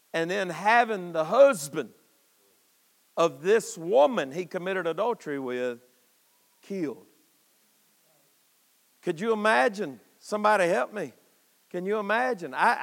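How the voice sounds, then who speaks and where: Man, preacher, high voice, gravelly, impassioned folksy sermon, church hall reverb. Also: a bit bright. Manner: impassioned, folksy, calls out to congregation. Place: church sanctuary.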